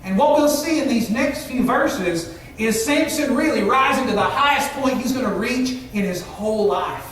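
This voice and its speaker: High-voiced pastor preaching in an echoey hall. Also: male voice, moderate pace, fairly bright tone, distant mic, a little hiss or hum. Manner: earnest, emphatic preaching with rhetorical questions. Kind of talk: sermon. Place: church sanctuary. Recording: echoey church hall, mic from afar.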